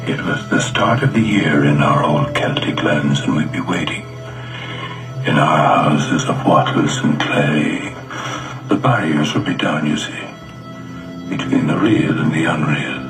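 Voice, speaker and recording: Film villain: a cold company boss, low voice, roomy echo, score underneath. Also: male voice, unhurried. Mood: menacing. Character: cold, calm older male villain, company head. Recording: echoey film audio with music behind.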